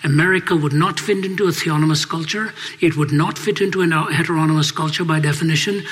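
Older man, husky voice, fairly high pitch, lecture style, rhetorical questions, anecdotes. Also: fast talker, fairly bright tone. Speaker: Christian speaker. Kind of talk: lecture on faith and culture.

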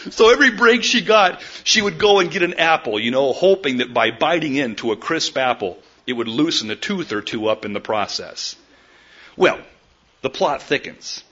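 Bright-voiced male pastor preaching. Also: on the high side, normal speed, long pauses, slightly rough. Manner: animated storytelling, acts out quoted voices. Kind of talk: sermon. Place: church. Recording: muffled lo-fi sermon recording.

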